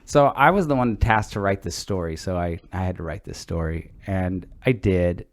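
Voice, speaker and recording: A middle-aged man co-hosting a podcast, telling stories in a relaxed, rambling way and swearing freely. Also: sits low, moderate pace. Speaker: podcast co-host. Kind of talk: casual storytelling chat.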